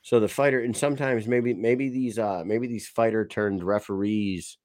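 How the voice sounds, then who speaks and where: Low-voiced guy ranting on a podcast, swears a lot, dry close mic. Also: normal speed, dry recording. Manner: profane, rambling, animated storytelling. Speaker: podcast co-host. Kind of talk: casual sports chat.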